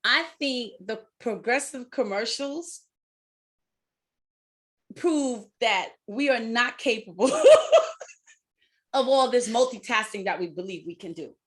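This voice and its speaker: A woman's voice: fairly high pitch, measured pace, a bit bright. A middle-aged woman hosting a coaching talk, casually giving advice, acting out inner voices and laughing often. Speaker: life coach and podcast host.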